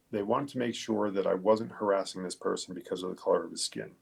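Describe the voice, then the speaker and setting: Gravelly low-voiced man, blunt and profane. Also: fairly even intonation, brisk, hardly any pauses, a little mellow. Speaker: police detective, podcast guest. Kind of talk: conversational interview storytelling.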